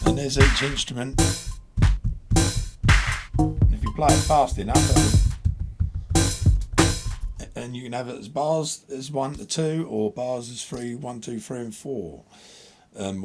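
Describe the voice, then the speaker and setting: A man hosting a casual gear demo, talking bluntly and explaining in an animated, chatty way. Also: medium pitch, unhurried, long pauses, over loud music. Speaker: host.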